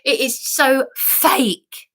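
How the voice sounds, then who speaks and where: A woman's voice: extremely slow, pushed and bright. An English woman in an emotional vlog monologue, agitated and rambling, swearing and repeating herself. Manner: mimics other people in high put-on voices. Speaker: vlogger.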